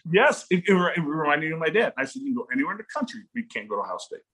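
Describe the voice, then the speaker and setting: A man in his forties from Illinois, a guest telling casual stories about his daughter's recruiting, acting out quotes with sudden jumps in pitch. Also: big pitch swings, racing, fairly bright tone, breathy edge. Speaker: guest, parent of a volleyball recruit. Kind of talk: casual storytelling.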